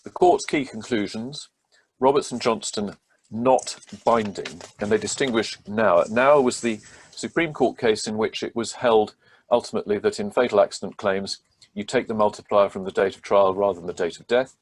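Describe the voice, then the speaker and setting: A man with a low, husky voice walks through a court ruling step by step. He speaks as a barrister would, measured and methodical, pausing often on ums and restarts. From England. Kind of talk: legal explainer talk.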